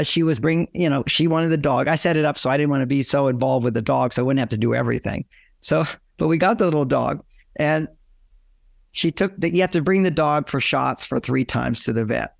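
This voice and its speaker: An older man, a relationship author, giving advice in an interview and telling lively anecdotes with both sides acted out. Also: on the high side, vocal fry, no echo, clean studio sound. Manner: animated storyteller, acts out both sides of his anecdotes. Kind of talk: storytelling interview talk.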